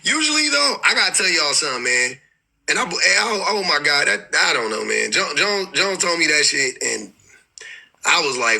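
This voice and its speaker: A man talks loosely and with exasperation on his own livestream, and his sentences keep stalling and starting over. His voice sits high with a sharp brightness and a husky edge. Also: very animated, moderate pace, rough recording. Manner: rambling, profane, exasperated, many restarts. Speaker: livestream host. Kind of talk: casual livestream commentary.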